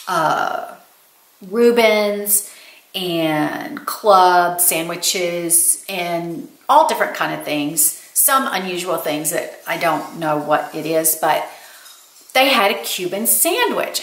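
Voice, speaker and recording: An older woman lifestyle vlogger tells stories to her viewers, calling them y'all, in a chatty, casual way. Her voice is on the low side, expressive, slow, and fairly bright, recorded with a roomy echo.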